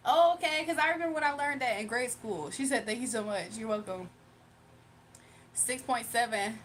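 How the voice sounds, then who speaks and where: Woman from Virginia, high voice, livestream host, casual chat, playful teasing, laughs often, faint background hum. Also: normal speed, a bit bright. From Virginia, USA. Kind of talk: casual live-stream chat reading comments.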